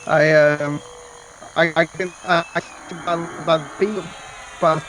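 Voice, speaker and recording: A man's voice: a little high, flat delivery, slow pace, fairly bright tone, slight background noise, rough recording. A man on voice chat with gaming friends, talking hesitantly and stumbling over his words. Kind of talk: casual voice chat.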